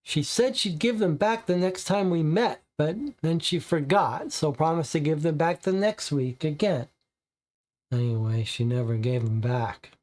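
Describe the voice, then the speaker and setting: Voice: mid-range voice, a little mellow, lightly acted. A reader voicing a stammering frightened teen boy. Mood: nervous. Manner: halting, stammering. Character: nervous teenage boy witness, frightened.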